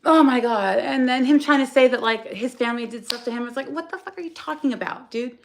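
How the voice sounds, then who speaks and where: Woman host talking into her phone on a livestream, blunt and cursing, with a slightly high voice. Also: fast. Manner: raw, blunt and profane, with frequent restarts. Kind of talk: emotional livestream monologue.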